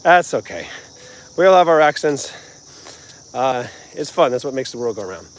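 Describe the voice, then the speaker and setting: A man's voice: mid-range voice, very animated, moderate pace, slight background noise. An earnest man with a New Jersey accent speaks in a mid-range voice, wandering off on tangents as he gives a live talk. He is outdoors, with faint crickets and insects in the background. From New Jersey, United States. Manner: rambling, earnest, conversational. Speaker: music channel host. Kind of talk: live-streamed motivational talk.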